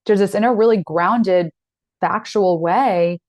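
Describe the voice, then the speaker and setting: Teaching an online masterclass, a woman in her thirties speaks slowly with a medium pitch in a dry recording. She comes across as earnest, direct and encouraging, with lively quoted asides.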